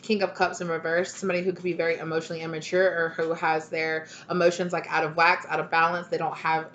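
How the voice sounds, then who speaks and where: A woman's voice: deep voice, little pitch movement, fast, a bit bright, highs cut off, a little hiss or hum. A woman giving a casual, rambling tarot reading, chatty and full of fillers and restarts. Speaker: tarot reader.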